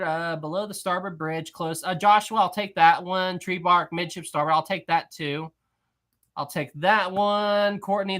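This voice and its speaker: A man's voice: high voice, pushed and bright. A young man hosting a live history quiz stream, reading chat aloud, teasing viewers and laughing often.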